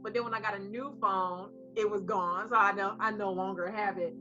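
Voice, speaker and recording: A woman co-hosting a casual chat, telling a story in an animated way and acting out the voices of the people in it. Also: mid-range voice, fairly quick, faint music behind. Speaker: co-host. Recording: slightly muffled recording.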